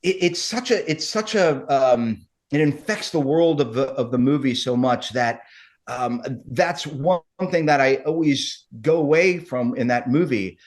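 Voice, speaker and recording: A man's voice: medium pitch, a little slow. A middle-aged man, an actor guest, chatting casually and rambling with many restarts. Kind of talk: casual interview chat.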